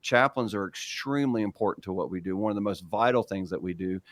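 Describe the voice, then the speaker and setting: A man's voice: lowish voice, quick pace, dry recording. A man being interviewed on the radio, explaining relief work earnestly with frequent fillers. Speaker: relief organization executive. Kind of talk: conversational interview.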